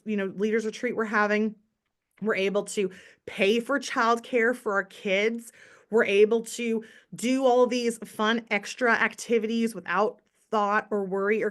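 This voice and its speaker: A woman's voice: medium pitch, fairly bright tone. A woman in her thirties telling her story in a chatty, motivational way on a casual team call. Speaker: direct sales team leader.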